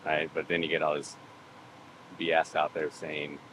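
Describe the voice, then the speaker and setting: A man's voice: extremely low pitch, completely flat delivery, moderate pace. A man chatting casually as a podcast guest, rambling through a story and acting out the voices of others. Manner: rambling, acts out quoted voices. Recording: background noise.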